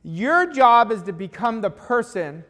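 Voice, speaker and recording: A man with a strikingly high voice coaches an audience in a motivational talk. He drives his points home by saying them twice, with plain emphasis. His voice trails off into a long hall reverb. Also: sing-song, unhurried, sharp tone. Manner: emphatic, repeats key lines for weight.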